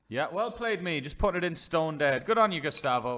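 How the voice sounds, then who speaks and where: A man's voice: fairly high pitch, big pitch swings, a little fast, hardly any pauses, a bit bright. A man commentating on his own online poker hands live, chatty and swearing freely, talking to his chat as lads and boys. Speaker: poker streamer.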